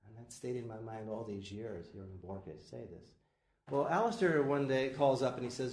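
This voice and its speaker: A man lecturing to an audience, telling a long anecdote in a relaxed, conversational way with soft asides. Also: on the low side, normal speed. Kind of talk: anecdotal storytelling. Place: lecture hall. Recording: echoey hall, faint noise.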